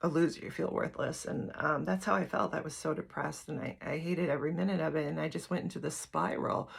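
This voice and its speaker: A woman's voice: low voice, steady tone, a little fast, vocal fry, husky. A middle-aged woman giving a candid, rambling personal talk to her channel's viewers, full of fillers and asides. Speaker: spiritual teacher and YouTuber. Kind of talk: casual personal talk to camera.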